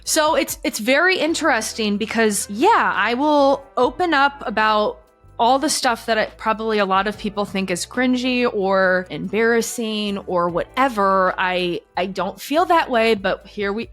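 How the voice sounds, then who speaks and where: A woman with a fairly high voice talks openly in a casual podcast chat. She swears without hesitation and peppers her sentences with "like". Faint music runs underneath. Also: normal speed, a bit bright. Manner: candid, swears freely, many filler "like"s. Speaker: podcast guest. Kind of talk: casual conversation.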